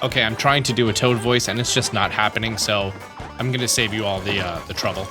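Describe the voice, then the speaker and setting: A man's voice: on the low side, steady tone, fast talker, over music. A man hosting a video game walkthrough, explaining steps in a casual manner.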